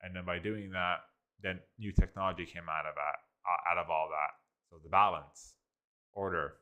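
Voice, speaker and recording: A man's voice: low voice, steady tone, moderate pace, pushed and bright, dull audio. A man hosting a casual review, rambling with many restarts and filler words and sounding amused. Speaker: host reviewing an AI story app. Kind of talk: casual commentary.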